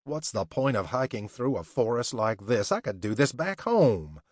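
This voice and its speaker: A man voicing a weary young adventurer who grumbles in a low mutter, in an audiobook. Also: very animated, normal speed, dry recording, studio quality. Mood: grumbling.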